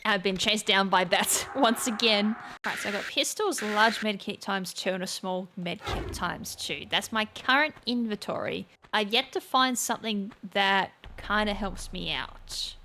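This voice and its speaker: A woman's voice: medium pitch, unhurried, hardly any pauses, background noise. A woman hosting a gaming channel, chatting casually as she plays, thinking aloud, poking fun at her own mistakes and breaking into sudden exclamations. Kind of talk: casual let's-play commentary.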